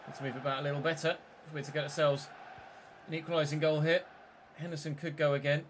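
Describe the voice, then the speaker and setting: A man's voice: on the high side, little pitch movement, fast, a little hiss or hum. A man giving live, mock match commentary while playing a football game, swearing when frustrated.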